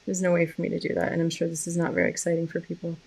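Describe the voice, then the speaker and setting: A woman hosting a live stream about animal communication, talking casually and softly, rambling with many fillers and restarts. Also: on the low side, monotone, racing, creaky, slightly rough.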